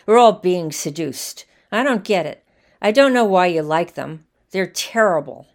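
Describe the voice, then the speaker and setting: A woman voicing a blunt, suspicious man at a bar, talking forcefully. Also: mid-range voice, animated, a little slow, close to an everyday voice. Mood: scornful.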